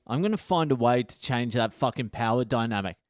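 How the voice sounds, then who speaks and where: A middle-aged man hosts his own comedy podcast, barrelling through a story with constant swearing and gleeful exaggeration. His voice sits at an ordinary male pitch and sounds dry, with no room echo. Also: lively intonation, fairly quick. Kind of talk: profane comic storytelling monologue.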